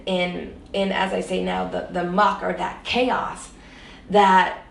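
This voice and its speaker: An interview guest tells her personal story with earnest reflection, often dropping in "you know." Her lowish, creaky voice is steady and fairly bright at a moderate pace. The recording is off-mic and distant, with roomy echo, faint ambience and a little hiss or hum.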